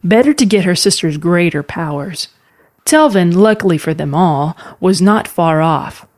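A woman narrating a fantasy story in a calm, measured storytelling manner. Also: fairly low pitch.

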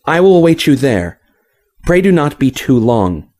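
Brief: man reading proud, prickly woman officer, slow haughty delivery, lively pitch. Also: lightly acted. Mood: curt. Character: proud scarred woman officer, fierce and touchy.

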